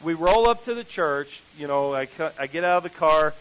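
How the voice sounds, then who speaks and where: A preacher with a notably high voice tells a story from the pulpit. He is animated and acts out each person he meets, turning the sermon into lively storytelling. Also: moderate pace, smooth, poor audio.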